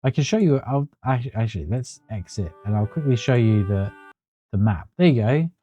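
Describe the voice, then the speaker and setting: A male streamer chats loosely over his gameplay and rambles off on tangents. His voice is mellow and dark, and his pitch moves lively up and down. Faint game music plays behind him. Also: moderate pace, highs cut off. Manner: chatty, rambling, laughs at himself. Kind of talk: casual gameplay commentary.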